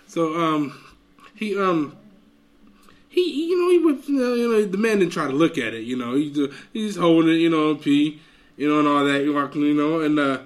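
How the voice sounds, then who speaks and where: A man's voice: a little high, lively intonation, moderate pace. A man telling a joke among friends, rambling with lots of fillers. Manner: rambling, many fillers like you know. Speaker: joke teller.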